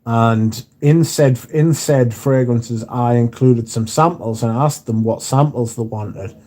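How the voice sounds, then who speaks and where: A man's voice: medium pitch, slow pace, mellow. A man hosting a casual livestream, chatting loosely and muttering and swearing to himself as he goes. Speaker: livestream host. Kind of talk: casual livestream chat, reading out viewer comments.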